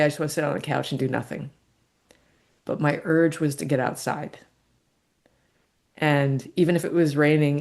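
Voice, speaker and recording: A middle-aged woman, a podcast guest, telling a personal story in a candid, reflective way and laughing softly between thoughts. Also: low voice, vocal fry.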